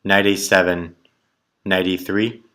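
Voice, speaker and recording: Deep-voiced and flat, a chess player calculates aloud at a slow pace, his tone a bit bright. He mutters moves in short, clipped phrases while solving tactics puzzles.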